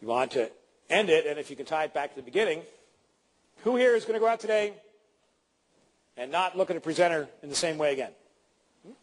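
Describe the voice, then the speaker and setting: Brisk and a little high, this middle-aged man teaches presentation skills at a live seminar, leaving long pauses. He's animated and playful, acting out examples for the crowd.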